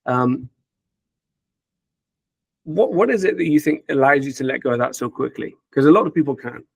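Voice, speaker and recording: Male host, gravelly tone, dry close sound, thoughtful measured questions. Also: mid-range voice, expressive, dry recording. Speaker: podcast host. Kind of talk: interview questions.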